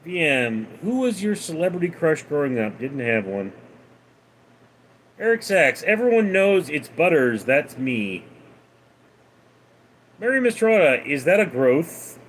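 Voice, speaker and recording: Slow-talking deadpan man hosting a livestream. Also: a little high, a little hiss or hum. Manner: deadpan, reads names then answers. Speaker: livestream host. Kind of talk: casual livestream chat, reading viewer questions.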